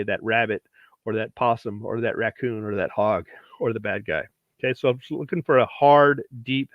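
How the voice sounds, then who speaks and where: A plain-spoken man explains dog training in a matter-of-fact instructional way, driving each point home. His mid-range voice comes through a dull, lo-fi recording with a dry, close sound and no room echo. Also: mid-range voice. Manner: plain-spoken, practical, repeats points for emphasis. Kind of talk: instructional talk.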